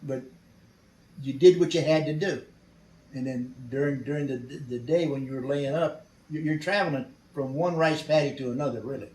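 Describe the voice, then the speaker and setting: In a storytelling interview, an older veteran recounts his war experience, blunt and salty, chuckling along the way. His mid-range voice has a darkish tone and moderate pace, and the roomy recording comes from off mic, far away.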